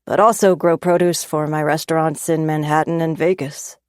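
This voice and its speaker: A woman reading the lines of an earnest young male chef in a low, soft, confiding voice. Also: fairly even intonation, normal speed, clean tone, no room sound, studio quality, close to an everyday voice. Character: man, young restaurant owner, charming and earnest.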